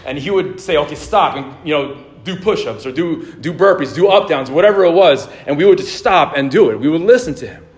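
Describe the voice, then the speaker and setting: A man's voice: a little high, expressive, brisk, few pauses, a little mellow. A man in his thirties preaching a sermon in a casual, conversational way, telling stories and laughing easily. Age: 30s. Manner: casual, anecdotal, laughs easily, many restarts. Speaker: pastor.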